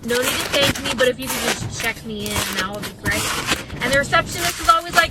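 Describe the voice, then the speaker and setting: A woman's voice: high-pitched, fast, heavy background noise. A woman telling rambling, self-deprecating comic stories in a casual storytime monologue. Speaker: comedic storyteller.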